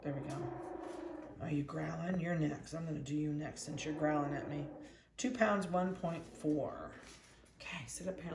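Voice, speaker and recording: A dog breeder chatting casually while weighing and collaring puppies, talking softly and coaxingly to them. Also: medium pitch. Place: indoor kennel room. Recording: echoey room with faint background noise.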